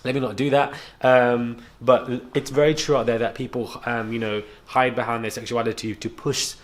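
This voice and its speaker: A man's voice: mid-range voice, flat delivery, moderate pace. Indignant young man ranting to camera. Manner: rambling, restarts, frank and indignant. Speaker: YouTube commentator. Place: home on a rainy day.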